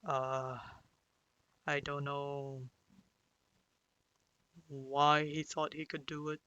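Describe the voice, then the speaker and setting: A young man recounting a painful personal story, speaking hesitantly with many restarts and pauses. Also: on the high side, level tone, pushed and bright, smooth, no room sound, lo-fi sound. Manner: hesitant, full of restarts and "you know"; sighs and breaks down into whispers at emotional moments. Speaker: vlogger.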